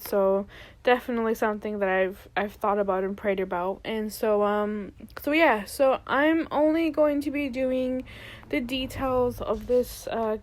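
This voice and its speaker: Young woman host, slightly high voice, loose rambling vlog talk full of ums. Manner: rambling, filler-heavy, earnest. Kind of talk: casual vlog chat.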